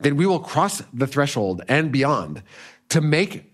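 Animated American man explaining politics. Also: a little high, slow. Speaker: author and guest. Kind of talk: political interview.

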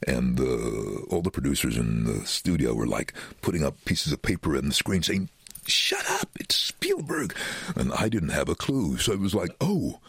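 Deep husky man, lively storyteller, dry close mic. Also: dry recording. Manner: lively, animated storyteller doing quick voices for quoted people. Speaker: voice-over artist, interview guest. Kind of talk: anecdotal interview storytelling.

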